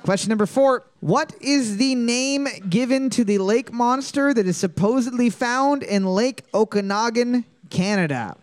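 A woman runs a casual trivia night, reading every question twice. Her voice is lively and bouncy, and she throws crude, teasing jokes at her co-host. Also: a little high, measured pace, few pauses.

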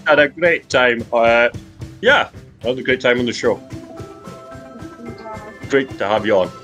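A Geordie man hosts a silly comedy podcast. His voice swings up and down as he jokes, and he breaks into excited exclamations. Music plays faintly behind him. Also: medium pitch, unhurried, muffled recording. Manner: lively, jokey, swings into big excited exclamations. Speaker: podcast host. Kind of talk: comic podcast banter.

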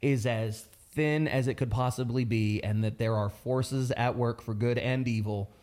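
Earnest, measured man in casual chat. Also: medium pitch, steady tone, a little mellow. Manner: measured, earnest, slows down for serious points.

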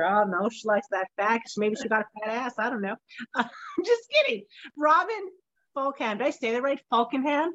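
A woman hosting a podcast in a loose, joking manner, quick to laugh and tease her guest. Her voice sits a little high for a woman, and she keeps the chat casual and playful throughout. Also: darkish tone, dull audio. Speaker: podcast host.

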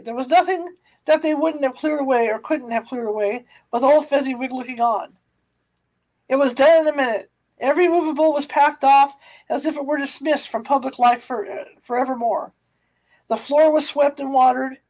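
A woman's voice: sits high, moderate pace, a little mellow, rough recording. A woman narrating a classic novel aloud, sometimes stumbling and restarting words. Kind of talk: audiobook reading of a classic novel.

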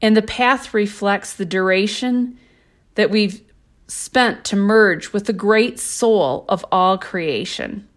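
Slow, gentle woman hosting a spiritual podcast. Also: mid-range voice. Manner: calm, gentle, measured delivery; reads passages aloud from her own book. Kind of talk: slow reflective spiritual talk.

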